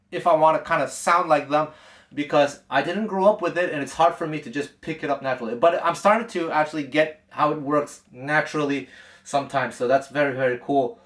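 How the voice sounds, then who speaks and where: A man's voice: fairly high pitch, fairly bright tone. Chatty man in an echoey room. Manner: chatty and digressive, many restarts. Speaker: jazz guitar teacher. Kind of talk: casual talk to camera.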